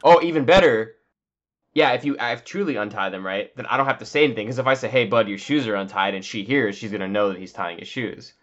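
A man's voice: lowish voice, fast talker, dull audio. A man co-hosting a podcast, chatting casually and riffing on silly jokes. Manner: joking, riffs on silly bits. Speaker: podcast co-host. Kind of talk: casual chat.

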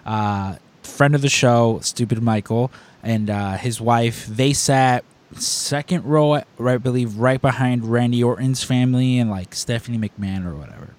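A man with a mid-pitched voice chats on a podcast and spins a long anecdote. He rambles, restarts his sentences and corrects himself as he goes. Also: unhurried. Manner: rambling, self-correcting, animated retelling. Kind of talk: casual storytelling chat.

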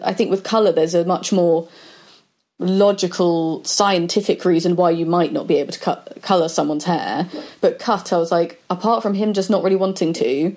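A woman with a fairly low voice chats in a relaxed podcast conversation. She tells stories in a lively, chatty way and acts out quoted dialogue as she goes. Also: moderate pace. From Britain.

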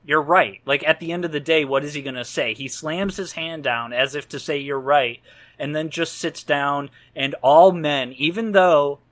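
A man's voice: on the high side, moderate pace, few pauses, a bit bright. A man co-hosting a casual movie podcast, rambling and joking as he talks through scenes. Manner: rambling, jokey, laughs at own lines. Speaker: podcast co-host. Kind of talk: casual film discussion.

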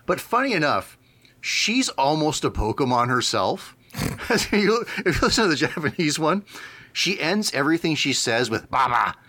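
Easygoing male co-host, explains, laughs often, lively pitch. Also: moderate pace. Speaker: podcast co-host. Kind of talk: casual chat.

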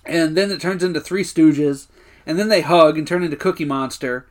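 A man's voice: on the high side, moderate pace. A man co-hosting a podcast in casual chat, animatedly retelling scenes and acting out the characters' lines. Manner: animated retelling, acts out quotes, swears freely. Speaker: podcast co-host.

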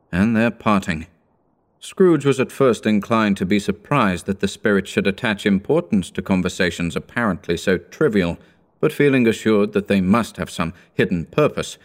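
A man narrating an audiobook in a measured, steady reading. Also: on the low side.

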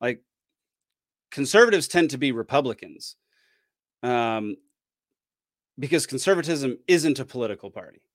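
A man hosting a podcast, giving casual commentary in a halting way with many fillers and restarts. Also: mid-range voice, animated, no room sound, studio quality. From Georgia, US. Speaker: podcast host reacting to a clip.

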